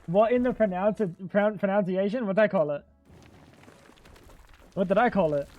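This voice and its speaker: A man's voice: high-pitched, animated, normal speed, narrow, tinny audio, faint music behind. A young man livestreaming a game, bantering with his chat in a joking, profane way. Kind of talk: casual gaming livestream chat.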